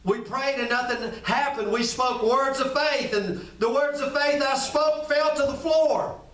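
In an echoey room, far from the microphone, a male pastor preaches with an extremely high pitch and a fairly bright tone. He keeps a measured pace, chatting with his audience directly and circling back to the same phrases.

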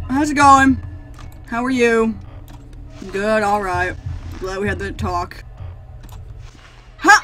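A woman's voice: medium pitch, extremely slow, pauses often, pushed and bright. A woman doing horror game commentary into a desk microphone, sarcastic and talking back to the characters, then screaming at the jump scares. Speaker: gaming channel host.

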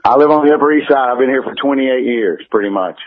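A man with a thick Southern drawl tells stories at a brisk clip as a guest on a radio talk show. His voice sits in an ordinary middle register. The sound is thin and tinny, like a phone line. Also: mid-range voice, a crowd in the background. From Alabama. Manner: fast-talking storyteller. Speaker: guest comedian.

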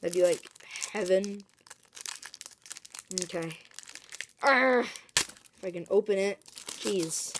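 A woman vlogger chatting casually as she opens card packs, excitable and talkative, breaking into excited shrieks. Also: fairly low pitch, slow pace, pauses often, noisy background. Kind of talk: casual commentary while opening card packs.

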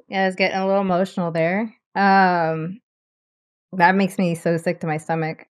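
A woman reacting to a music video in casual commentary, halting and emotional, with many fillers and apologies. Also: lowish voice, flat delivery, smooth, no room sound. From grew up poor.

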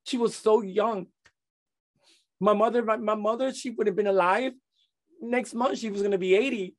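Halting middle-aged man telling his story. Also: high-pitched, steady tone. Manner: halting, many restarts and repeated words. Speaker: guest. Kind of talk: testimony in an interview.

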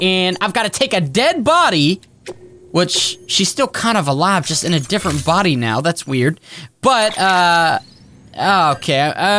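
A man giving rambling, excitable let's-play commentary, talking to his viewers as he plays. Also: high-pitched, slight background noise. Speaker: gaming YouTuber. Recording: game music behind.

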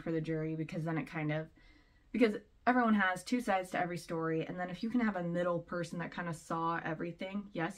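A woman with a fairly low-pitched voice talks her way through her opinions in a loose, rambling way. She is a vlogger giving casual commentary and laughs now and then between points.

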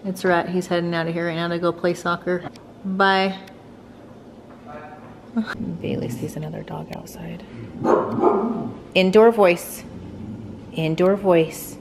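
A woman's voice: lowish voice, fairly even intonation, vocal fry, a little hiss or hum. A woman in her forties, a mother, chatting casually and upbeat as she films a family vlog at home on a phone. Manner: chatty, upbeat, fast asides.

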